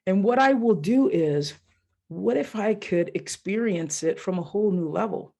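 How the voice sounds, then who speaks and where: A woman's voice: mid-range voice, lively intonation, normal speed, vocal fry, darkish tone. A woman coach hosts her podcast alone and talks straight to the listener. She tells her stories in a loose, candid way, with a swear word here and there. Now and then she acts out her own inner voices. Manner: casual and candid, with mild swearing. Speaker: life coach and podcast host. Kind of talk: solo podcast monologue.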